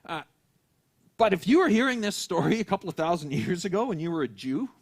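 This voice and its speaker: A man's voice: high-pitched, sing-song, brisk, breathy edge. A man preaching a sermon in a church, telling a story and acting out the voices of the people in it. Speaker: pastor.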